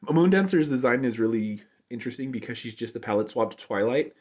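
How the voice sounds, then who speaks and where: A man's voice: medium pitch, lively intonation, fairly quick, a little mellow. A man giving an unscripted, casual review, rambling along and saying "like" constantly. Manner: rambling, heavy use of "like" fillers. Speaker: show reviewer.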